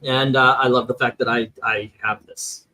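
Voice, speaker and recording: A man's voice: medium pitch, flat delivery, normal speed, bright, forceful tone, poor audio. A man hosting a casual livestream chat, reading viewer comments and scores aloud with many fillers. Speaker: host.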